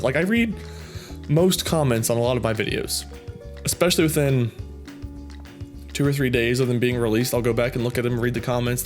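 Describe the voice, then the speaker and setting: Brief: male gaming host, mid-pitched, chatty and self-amused while reading comments, soft music underneath. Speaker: YouTube gaming channel host. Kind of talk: casual reading of viewer comments.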